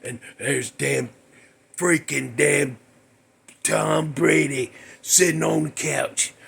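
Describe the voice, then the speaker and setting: A man's voice: on the high side, slow pace, gravelly, fairly bright tone, slightly rough. A man hosting his own show, telling a dream story in a rambling, folksy, exasperated way. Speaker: host. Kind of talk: comedic storytelling monologue.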